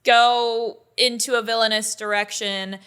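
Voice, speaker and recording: Bright, high-voiced woman in a panel chat. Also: little pitch movement, a little slow, clear, resonant tone. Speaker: co-host.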